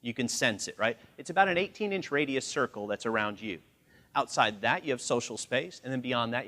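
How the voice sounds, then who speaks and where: A man in his forties leading a live communication training seminar, acting out quoted voices as he talks. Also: medium pitch. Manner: animated, acts out quoted voices. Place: large training room.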